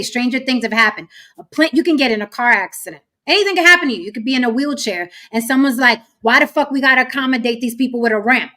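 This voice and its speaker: A woman's voice: on the high side, a bit bright. A woman hosting a live-streamed talk show, arguing her points emphatically and reading viewer comments aloud. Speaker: host.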